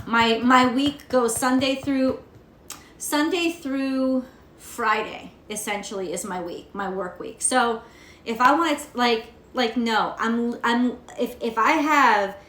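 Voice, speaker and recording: In a casual vlog recorded in an echoey room, an American woman does tarot readings while ranting profanely and rambling. Her voice sits on the high side with a fairly bright tone.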